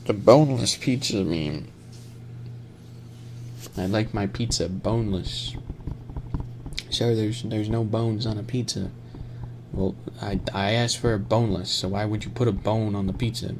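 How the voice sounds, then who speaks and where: A man streaming on camera, chatting casually in a rambling, jokey way and laughing often. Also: fairly low pitch. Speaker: ASMR streamer. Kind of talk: casual live-stream chat. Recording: noticeable background noise.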